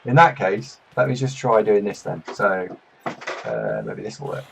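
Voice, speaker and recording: A man's voice: lowish voice, huge pitch swings, measured pace, gravelly, noisy background. Exasperated man on a headset. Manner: exasperated, swears casually while fiddling with settings. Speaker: stream host. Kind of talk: casual live-stream chat.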